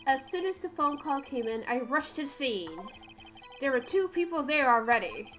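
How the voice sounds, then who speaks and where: A woman voicing a loud, eager male police detective who ends every sentence with "sir". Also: sits high, expressive, normal speed, faint music behind.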